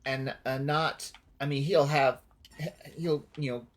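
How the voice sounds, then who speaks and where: A man's voice: mid-range voice, fairly even intonation, slow pace. A man streaming a game, giving casual commentary while rambling and correcting himself as he thinks aloud.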